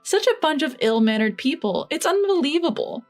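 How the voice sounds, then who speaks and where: A haughty older mother-in-law snaps in a sharp, lifted voice, as a woman narrator puts her on, scolding with impatience. The storybook reading keeps soft music faintly underneath. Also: high-pitched, very animated, moderate pace, voice pushed up. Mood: irritated.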